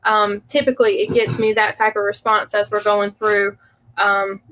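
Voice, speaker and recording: A woman's voice: mid-range voice, little pitch movement, moderate pace, fairly bright tone, poor audio. A woman with a Southern American accent, co-hosting a business talk show in a friendly, chatty way. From southern United States. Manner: friendly, chatty, lightly laughing. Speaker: co-host. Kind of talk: casual business chat.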